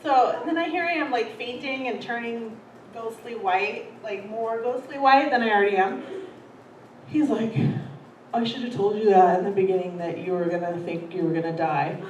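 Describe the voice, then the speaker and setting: A woman's voice: on the high side, normal speed, far from the mic, highs cut off. A woman performing a profane, self-deprecating stand-up set in a comedy theater, laughing through her stories. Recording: roomy hall, heard from afar, noisy.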